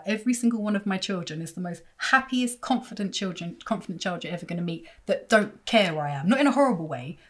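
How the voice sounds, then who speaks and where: A woman's voice: fairly low pitch, a bit bright. A woman, a parenting vlogger giving a blunt, heated, sweary monologue to camera with mocking asides. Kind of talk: casual opinionated monologue to camera.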